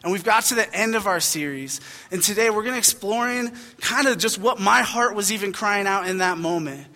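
A man's voice: sits high, a little fast, pushed and bright, long reverb tail. A young man preaching a sermon as a pastor, talking in a casual, conversational storytelling way with frequent fillers. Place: church hall.

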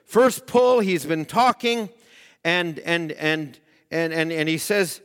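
A man's voice: fairly high pitch, steady tone, slow, a bit bright, clear, resonant tone. A male preacher telling a story in a sermon, quoting at length and swelling into emphatic cries. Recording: long reverb of a large hall.

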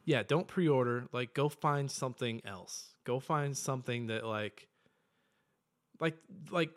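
A young man co-hosting a casual podcast, ranting profanely and excitably, with sudden bursts of yelling. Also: mid-range voice, takes it slowly. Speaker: podcast co-host.

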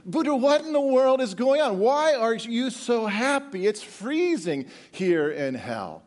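A man's voice: big pitch swings, brisk. A man voicing Satan as a baffled, exasperated male devil in a joke told during a sermon, exclaiming in disbelief. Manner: incredulous, high-pitched exclaiming.

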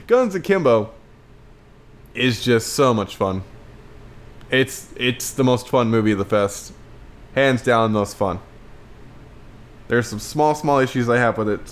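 A man giving a casual, enthusiastic film review, rambling and repeating words as he compares movies. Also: mid-range voice.

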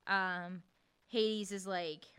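A young woman co-hosting a casual book podcast, laughing often and acting out characters' lines in quick voices. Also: mid-range voice, fairly even intonation, fairly bright tone, smooth. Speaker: podcast co-host.

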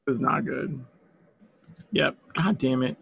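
A hoarse man with a sore throat, chatting and swearing excitedly while playing an online game with friends. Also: medium pitch, slow pace, no room sound. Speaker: fellow player. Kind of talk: casual gaming chat.

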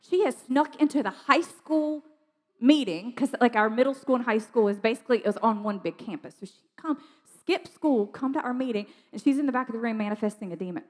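A woman telling a lively testimony story in a chatty way, with lots of fillers and laughter. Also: a little high, a little fast, long reverb tail. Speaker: ministry speaker sharing testimony.

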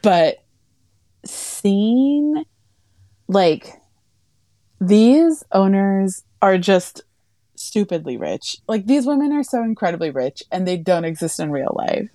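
Podcast cohost lady, mellow lowish voice, dry close sound, tells stories n does the voices. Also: slow, long pauses, dry recording. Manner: chatty storyteller, acts out quotes with animated pitch jumps. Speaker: podcast co-host. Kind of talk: casual chat.

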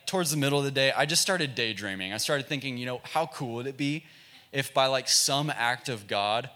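A man's voice: on the high side, sharp tone. A man who is a youth pastor, telling a casual, self-mocking story in a sermon, chatty and full of fillers.

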